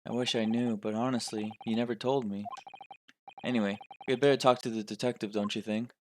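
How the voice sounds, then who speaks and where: A man's voice: fairly low pitch, fairly even intonation, fairly quick, a little mellow, slight background noise, close to an everyday voice. A man voicing a hesitant young defense lawyer in a game let's play, stammering and unsure. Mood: worried.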